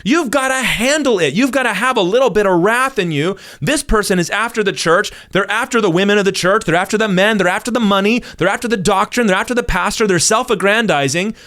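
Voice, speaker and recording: A male pastor, talking on a podcast and telling stories, acting out quotes in loud bursts. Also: sits high, brisk, few pauses. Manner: animated storyteller, acts out quotes in bursts. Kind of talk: casual podcast conversation.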